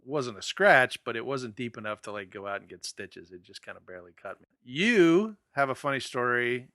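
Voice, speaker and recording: A man's voice: medium pitch, big pitch swings, normal speed, sharp tone, no echo, studio quality. A man co-hosting a podcast, chatting casually and making joking interjections. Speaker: podcast co-host. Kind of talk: casual chat.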